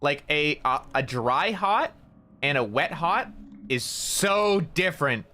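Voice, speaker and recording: Bright-voiced man rambling casually. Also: on the high side, lively intonation, takes it slowly, faint music behind. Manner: rambling, stammers and repeats words, swears casually. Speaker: streamer. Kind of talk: casual storytelling while gaming.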